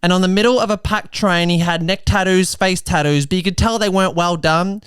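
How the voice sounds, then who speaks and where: A young Australian man in his twenties hosts his own podcast in a comedic monologue. His voice is smooth and resonant. It is recorded dry and close, with little room sound. He talks in a quick, chatty way, full of asides. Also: sits high, a bit bright, no echo. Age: 20s. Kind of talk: comedic monologue turning to social commentary.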